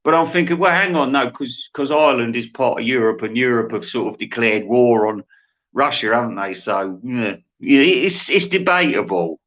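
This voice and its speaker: Casual, rambling male host, mid-pitch, laughs at own jokes, dull lo-fi recording. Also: moderate pace, fairly bright tone. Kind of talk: satirical comic monologue. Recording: dull lo-fi sound.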